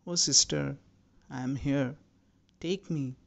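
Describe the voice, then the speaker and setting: A man's voice: medium pitch, steady tone, slow, gravelly, pitched above the performer's own voice. A man voicing a yearning young boy who pleads with his lost family. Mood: pleading.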